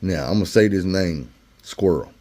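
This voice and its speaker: A man with a fairly low voice spins a personal story in loose, slangy everyday talk. He keeps it conversational and jumps into the voices of the people he quotes. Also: lively intonation, moderate pace, darkish tone. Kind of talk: casual storytelling.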